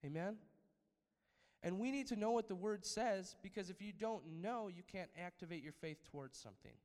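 A male pastor preaches a sermon in a fairly high voice, often asking his listeners for an amen. His delivery swells to emphatic peaks before settling back down. The sound carries a long reverb, as if recorded in a large hall. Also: moderate pace, darkish tone.

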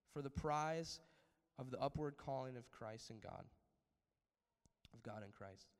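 A man's voice: mid-range voice, measured pace, pauses often, clean tone, long reverb tail. A man preaching a sermon, asking his listeners for amens and building to emphatic peaks. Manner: preaching with call-outs for amen, rising to emphatic peaks. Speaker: pastor.

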